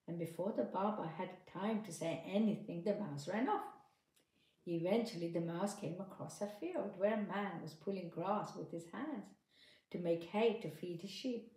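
A woman narrating a children's story in a clear, steady storytelling manner. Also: on the low side, moderate pace. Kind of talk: children's story read-aloud. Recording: echoey room.

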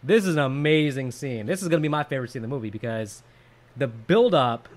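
A man's voice: medium pitch, expressive, quick pace. A man co-hosting a casual movie podcast, chatty and jokey, often trailing off with fillers. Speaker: podcast co-host.

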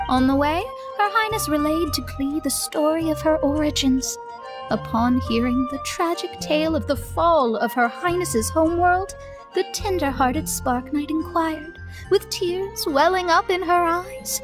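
A weary, polite raven. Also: male voice, very high-pitched, a little slow. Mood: explaining. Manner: polite, long-suffering narration. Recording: game audio with music behind.

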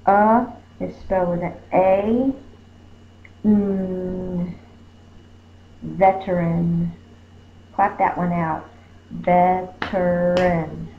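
A teacher with a lowish voice leads a slow phonics lesson on spelling, sounding out each word syllable by syllable and stretching the syllables at a very unhurried pace. The recording is roomy and a little dull, with a faint hum in the background.

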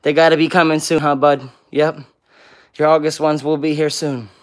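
A pet vlog host with a somewhat high voice talks at a normal pace in a level tone during a relaxed livestream. He responds to viewer comments one at a time and coos baby talk at his pets.

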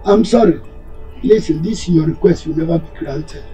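Mellow high voice, nigerian accent, a man playing a stern fatherly elder, faint music. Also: close to an everyday voice, low-quality recording. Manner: stern, deliberate, religious reassurance. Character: firm, protective elder brother and father.

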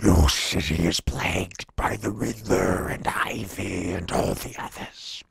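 Batman, a gravelly vampire monster. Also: low voice, steady tone, slight background noise, pitched below the performer's own voice, full character voice. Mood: sinister whisper. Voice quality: gravelly, slow menacing rasp, half-whispered growl. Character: vampire bat-monster male vigilante, cold and menacing. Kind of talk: comedic comic recap voice acting.

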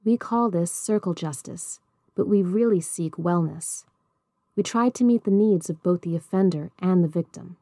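A woman voicing a patient woman circle keeper in a storybook reading, measured and gentle. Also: on the low side, dry recording, studio quality. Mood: calm.

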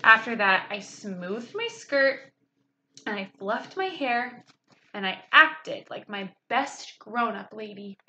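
A woman reading a children's book aloud in an expressive, animated way, with casual asides. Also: a little high, slow pace. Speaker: reader.

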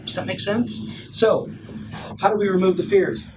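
A middle-aged man coaching real estate agents in an energetic, emphatic motivational talk. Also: high voice, normal speed, noisy background. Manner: animated, emphatic, acts out example phone lines.

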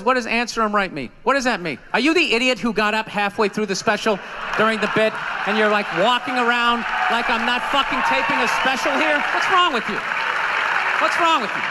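A very noisy crowd surrounds this male comedian, whose extremely high voice runs a little fast. Live on a club stage, he delivers a profane rant, performing the voices of people he quotes.

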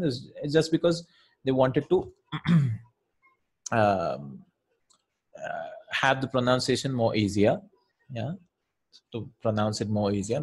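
A man's voice: lowish voice, darkish tone, breathy edge. A man teaching an Arabic grammar lesson in English, informal, repeating words and often checking with "right?". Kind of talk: casual online lesson.

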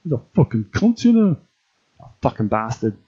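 A man voicing a crude, rambling male cartoon rock musician who swears constantly and fills every pause with filler words. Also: medium pitch, big pitch swings, slightly rough, highs cut off. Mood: ranting. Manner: foul-mouthed, rambling, full of filler words. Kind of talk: cartoon parody voice acting.

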